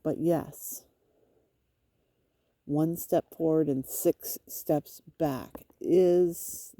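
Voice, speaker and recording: A woman vents in a rambling, frustrated way, swearing as she goes and breaking off to talk to her cats. Her voice is low and mellow. The sound is dry and close, like a phone held near the face. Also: very slow, no room sound. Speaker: vlogger. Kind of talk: casual venting monologue. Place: outdoors on a road with cats.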